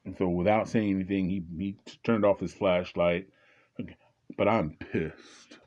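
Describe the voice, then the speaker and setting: Speaking at a moderate pace in a low, steady, slightly mellow voice, a man relates a personal story from his twenties, now being older. He often stops and restarts with plenty of fillers and grows louder when reenacting angry arguments. The recording is muffled.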